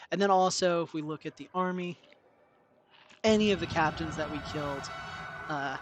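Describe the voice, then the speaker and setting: Indoors at home, a man with a slightly high voice gives lively live commentary on his video game, talking to chat and putting himself down. The background is noisy.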